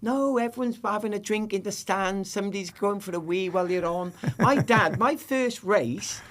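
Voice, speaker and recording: A middle-aged former sprinter talks as a guest on a podcast. His voice sits a little high for a man, and he tells stories with lively, jokey energy, slipping into the voices of the people he quotes. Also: normal speed. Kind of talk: animated storytelling in conversation.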